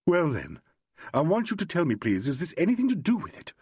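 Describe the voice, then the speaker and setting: A man reading an audiobook, voicing a distraught young actress in a high, trembling, urgent voice. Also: wildly swooping pitch, brisk, breathy edge, dry recording, clean studio sound, heavily acted.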